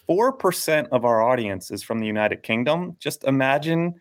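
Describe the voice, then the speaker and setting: A man's voice: medium pitch, animated, normal speed, no room sound. Dry-humored man chiming in. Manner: dry, teasing. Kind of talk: casual podcast chat.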